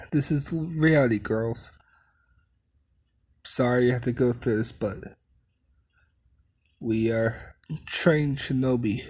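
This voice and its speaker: Calm steady lady ninja leader, husky and slow, read plainly by a storyteller. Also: medium pitch. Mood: reassuring. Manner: steady, reassuring, then commanding. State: keeps clearing throat. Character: calm, protective female ninja squad leader. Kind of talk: fan story narration.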